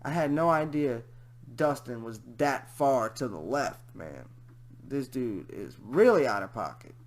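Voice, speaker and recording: A man's voice: medium pitch, animated, a little slow. A man streaming casual commentary, slangy and swearing freely.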